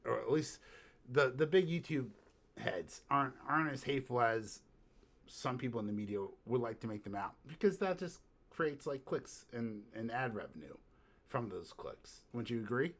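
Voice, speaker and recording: A man co-hosting a podcast in casual chat, ranting in an animated, profane way and sometimes breaking into shouts. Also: medium pitch, moderate pace. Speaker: podcast co-host.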